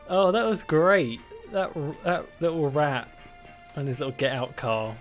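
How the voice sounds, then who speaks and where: A man's voice: a little high, expressive, measured pace, faint music behind. A man rambling chattily and laughing easily while streaming a game. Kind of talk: casual chat while playing a game.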